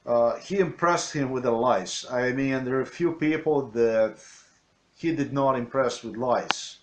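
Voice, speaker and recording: A man's voice: mid-range voice, a little slow. A man in non-native English giving rambling spoken commentary over video clips, ranting and often correcting himself. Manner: ranting, with frequent restarts and self-corrections.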